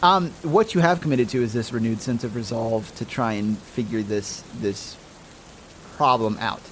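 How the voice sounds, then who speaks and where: A man running a tabletop role-playing game, painting the scene in slow, searching sentences. His voice sits at a middling pitch. Faint rain hisses behind him. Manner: slow, descriptive narration with restarts. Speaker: game master.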